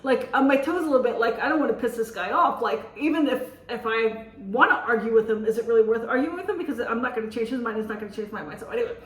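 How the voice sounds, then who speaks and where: A woman vlogger telling a story to camera in a casual, animated way, laughing here and there. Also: a little high, fast talker, hardly any pauses, echoey room, distant mic, rough recording. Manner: chatty, animated, with laughs, on the defensive.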